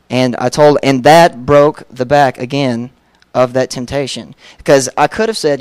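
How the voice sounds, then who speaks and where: A man's voice: medium pitch, steady tone, moderate pace, clear, resonant tone, no room sound. A young man preaching a personal testimony, telling his story candidly and acting out the dialogue, with many fillers.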